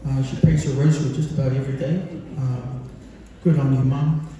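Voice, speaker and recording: Here a Kiwi son delivers a birthday speech to a crowd in a big function hall, his mid-range, dark voice brisk and fairly level. His humorous storytelling wanders and is packed with fillers. The audio is echoey and distant, with a slight hiss or hum.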